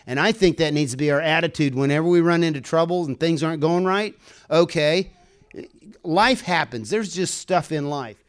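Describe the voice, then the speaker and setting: Smooth-voiced man preaching a folksy sermon. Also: a little high, normal speed. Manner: earnest, folksy storytelling, rising to fervent exhortation. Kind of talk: conversational sermon with personal stories.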